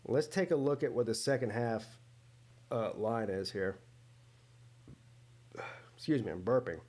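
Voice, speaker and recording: A man talks to his live-stream viewers during a football game, his voice sitting at an ordinary middle pitch. He rambles and thinks out loud, stopping and restarting with plenty of fillers as he reacts to the play. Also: animated, measured pace. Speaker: sports watch-party host. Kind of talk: casual live-stream commentary.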